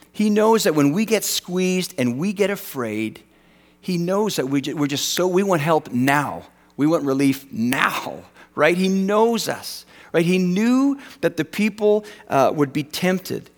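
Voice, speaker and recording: Animated male pastor preaching in a hall. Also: a little high, normal speed. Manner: animated, self-deprecating, acts out quoted voices. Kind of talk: sermon. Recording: long reverb of a large hall.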